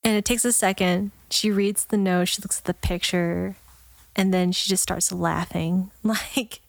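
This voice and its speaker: A woman guest on a podcast, telling a story in lively casual chat, laughing often and acting out the voices of the people in it. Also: medium pitch, unhurried, gravelly, no room sound. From Texas, USA. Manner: animated, laughs often, acts out quoted voices.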